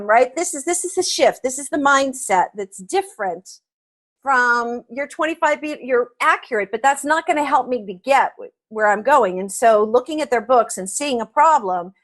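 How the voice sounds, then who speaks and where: A woman with a fairly high voice, talking as a guest in an interview. Her delivery is animated and conversational, and she often repeats a word or two as she works into her point. She explains things by telling a story. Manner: animated, repeats words when starting a thought.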